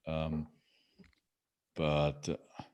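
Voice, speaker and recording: Low-voiced man, halting and full of fillers. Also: monotone, a little mellow, clear, resonant tone, muffled recording. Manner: halting, many fillers and restarts. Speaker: podcast guest. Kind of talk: casual interview chat.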